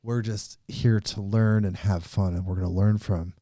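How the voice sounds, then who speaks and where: A man's voice: lowish voice, steady tone, moderate pace, warm tone, no echo. A man hosting a podcast, chatting in a laid-back, rambling, joking way. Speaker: podcast host. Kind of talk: casual chat.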